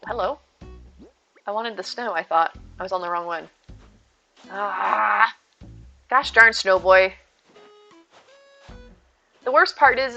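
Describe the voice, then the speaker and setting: A woman's voice: a little high, pushed and bright, dull audio. A woman streaming a game, chatting casually and rambling to her viewers by name. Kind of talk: casual live-stream chat while gaming.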